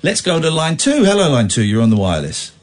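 A male radio presenter running a phone-in, sarcastic and teasing, swinging between mock outrage and deadpan. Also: a little high, fast talker. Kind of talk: late-night radio phone-in.

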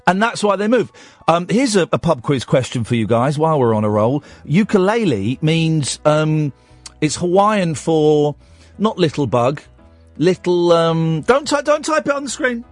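High, lively male radio host. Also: unhurried, dry recording, faint music behind. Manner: playful, rambling, jokey. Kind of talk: late-night call-in chat. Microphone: studio microphone.

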